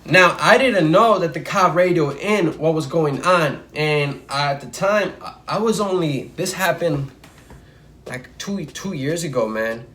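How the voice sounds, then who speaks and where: A man's voice: on the high side, a little slow. A young man from Chicago telling a story casually in a vlog, with many fillers. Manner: casual, filler-heavy, animated retelling.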